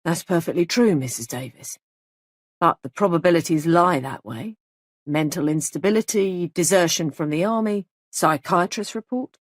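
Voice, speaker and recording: A woman voicing a calm male police sergeant who speaks quietly and evenly. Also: fairly low pitch, no echo, clean studio sound, natural voice. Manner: quiet, measured, smooth.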